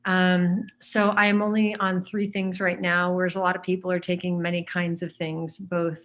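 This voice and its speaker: A woman talking as an interview guest in casual conversation, hesitant and pausing with many fillers as she searches for words. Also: lowish voice, flat delivery, a bit bright.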